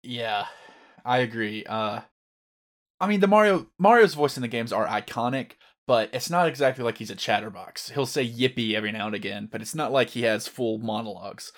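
A man co-hosting a podcast who talks earnestly and at a measured pace. His voice has an ordinary middle pitch, and he comes across as a longtime fan. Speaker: podcast co-host. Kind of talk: casual movie review chat.

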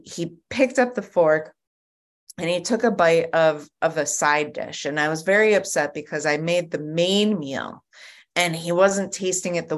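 A woman giving a personal testimony at a recovery group meeting over a video call, telling her story in an animated way with frequent restarts. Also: low-pitched.

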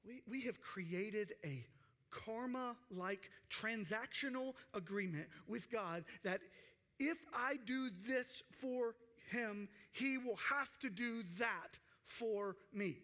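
A man preaching a sermon with passion, acting out quoted cries and dropping to hushed tones for emphasis. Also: sits high, takes it slowly. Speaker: pastor.

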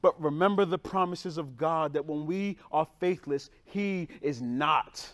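A young male pastor preaching a sermon in a conversational way, with slang and quick swings between loud bursts and hushed lines. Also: fairly high pitch.

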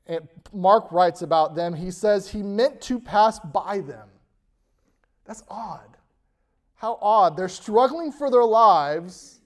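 Slow, emphatic male preacher. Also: high voice. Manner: slow, emphatic preaching with soft trailing endings. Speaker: pastor. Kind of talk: sermon with scripture reading.

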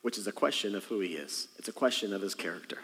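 A pastor preaches in a church sanctuary, speaking conversationally to the congregation with jokes and rhetorical questions. His voice is lowish, husky and fairly bright, and he talks fast, with the long reverb of a large hall.

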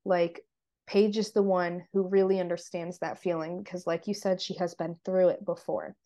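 A woman's voice: fairly low pitch, steady tone, moderate pace, dark tone. A woman co-hosting a podcast, chatting casually and retelling TV scenes in detail with lots of "like" fillers. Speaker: podcast co-host. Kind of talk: casual TV recap chat.

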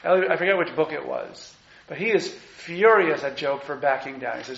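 A man giving a lively, conversational lecture on scripture and acting out the quotes, in a muffled, echoey room recording. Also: fairly high pitch, fairly quick, creaky. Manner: animated, conversational, acts out quotes. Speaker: teacher.

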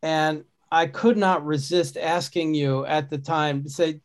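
A man's voice: a little high, steady tone, unhurried, hardly any pauses. A man hosting a casual podcast conversation, talking in a rambling way with many restarts and fillers. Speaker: podcast host.

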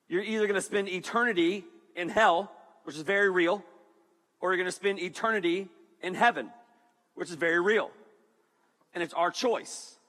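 Casting: upbeat male pastor, high and bright, joking to the congregation, big hall reverb. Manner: energetic and joking, with playful asides. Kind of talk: sermon.

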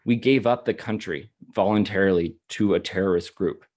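A man co-hosts a casual podcast discussion in a fairly low voice. He argues with strong feeling and open frustration, doubling up words as he presses his point. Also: moderate pace, darkish tone. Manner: impassioned, repeats words when worked up. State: emotional and frustrated. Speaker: podcast co-host.

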